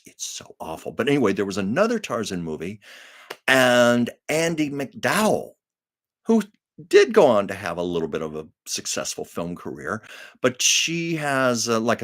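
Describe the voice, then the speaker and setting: An older man hosting a live chat, telling stories with a low voice that rises and falls a lot. He talks casually and laughs as he goes. The sound is dry and close. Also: dry recording. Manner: chatty storytelling, laughs often. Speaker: live stream host. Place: Los Angeles.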